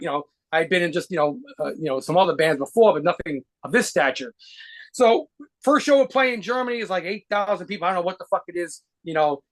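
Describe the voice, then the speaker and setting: A man telling rapid, profanity-laced stories as a guitarist being interviewed. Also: high voice, fairly bright tone. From United States. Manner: rapid profane anecdotes with laughs. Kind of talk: fast storytelling interview.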